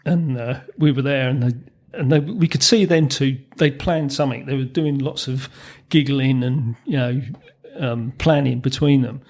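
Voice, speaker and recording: Man, fifties, gravelly voice, rambling anecdotes, chuckling, podcast guest. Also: medium pitch, moderate pace, few pauses, a little mellow. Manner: anecdotal, chuckles through his stories, many ums and restarts. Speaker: guest, former racing mechanic. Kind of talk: storytelling in a podcast interview.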